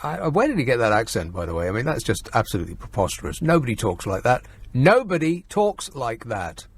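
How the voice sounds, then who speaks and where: Sardonic radio host. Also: male voice, on the low side, sing-song, fast talker, husky. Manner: sardonic, mocking, laughs often. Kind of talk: casual talk radio.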